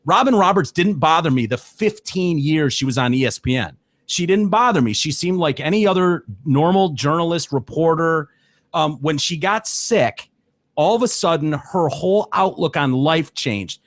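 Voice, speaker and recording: Casting: slightly high-voiced man, blunt and profane podcast ranter, close dry mic. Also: lively intonation, normal speed, dry recording. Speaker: podcast co-host. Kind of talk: casual sports chat.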